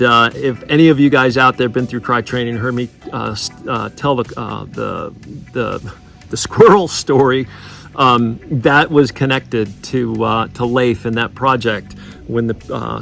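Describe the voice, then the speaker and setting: A man in ministry sharing a casual spoken testimony, halting often with fillers and restarts. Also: medium pitch, gravelly, fairly bright tone. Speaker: ministry leader.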